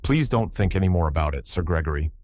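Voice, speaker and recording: A man reading a quiet, firm young actress. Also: low-pitched, animated, fast. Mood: cool. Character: young actress, proud and guarded.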